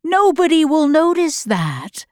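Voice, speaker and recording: A gentle father who teases his daughter warmly, read aloud by a woman. His lines come slowly and lightly. The sound is dry and close. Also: high-pitched, big pitch swings, no room sound, pitched above the performer's own voice, heavily acted. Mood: teasing. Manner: light, teasing.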